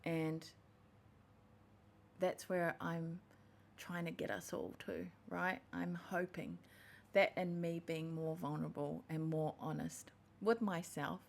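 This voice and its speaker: Slow and gravelly, with a low, level voice, a woman hosts a podcast and talks through a heartfelt personal reflection, often stopping to restate her words. There's a slight hiss or hum.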